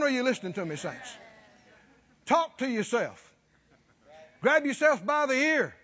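A man's voice: very high voice, a bit bright, big-room sound, lo-fi sound. A man preaching a sermon, emphatic and exhorting, firing rhetorical questions at the congregation.

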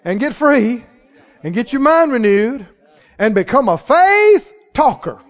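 A man preaching a sermon in a church, acting out the quoted voices of others and rising to shouts of conviction. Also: extremely high pitch, a little slow. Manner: animated, acts out quoted voices, rises to shouts. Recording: reverberant hall, dull lo-fi sound.

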